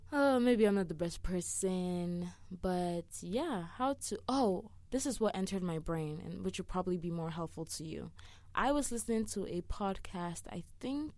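A woman's voice: on the low side, a little mellow, dry recording. A young woman giving friendly advice in a chatty, rambling way, often laughing and sidetracking herself. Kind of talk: casual talk to camera.

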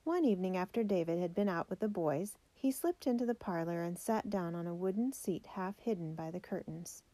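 A woman reading a children's biography aloud in a measured, steady way. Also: on the low side, dry recording. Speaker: narrator.

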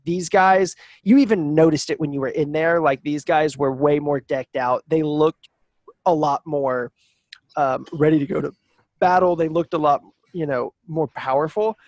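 A man's voice: fairly high pitch, fairly even intonation, moderate pace, darkish tone, dry recording. Dry-sounding casual game master man. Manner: casual, filler-heavy narration. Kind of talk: narrating a tabletop game.

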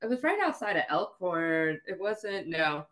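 A woman's voice: lowish voice, sing-song, unhurried, fairly bright tone. A woman from the American Midwest, a podcast guest telling a story in a casual, profane way, laughing often and acting out what people said. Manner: profane, laughing, acts out quoted voices.

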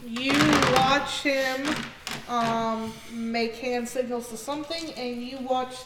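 High-voiced woman game master, echoey. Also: steady tone. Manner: giggly, halting, many fillers. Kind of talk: narrating a tabletop game. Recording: echoey noisy room.

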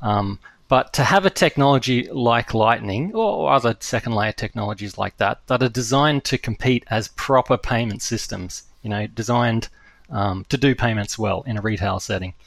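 A man talking as a guest in an interview, thoughtful and hesitant, with many pauses and restarts. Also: mid-range voice, creaky, a bit bright, no room sound. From Australia. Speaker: guest, startup CEO. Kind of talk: casual interview.

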